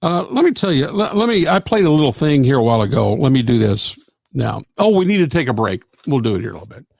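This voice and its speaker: Man hosting live radio, gravelly and chatty, quick with thanks and amens, dry close mic. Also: medium pitch, sing-song, darkish tone, no room sound. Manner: chatty and effusive, with frequent thanks and "amen". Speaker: radio host. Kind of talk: live radio chat reading out listener comments.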